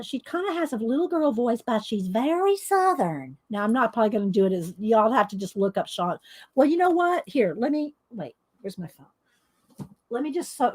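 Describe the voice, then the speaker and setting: Woman host, chatty rambling storyteller, higher voice, laughs often. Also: darkish tone. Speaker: adult coloring video host. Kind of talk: casual storytelling to viewers.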